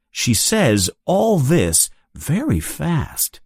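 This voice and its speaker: A narrator reading a children's chapter book aloud for a read-along, slowly and very expressively, pitching up for the quoted characters. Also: huge pitch swings, a little mellow, no room sound, clean studio sound.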